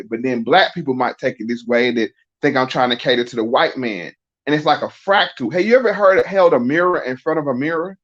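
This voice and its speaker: A man's voice: medium pitch, normal speed, a bit bright. A middle-aged man in a casual podcast conversation, explaining emphatically and often asking rhetorical questions. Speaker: podcast guest. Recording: dull lo-fi sound.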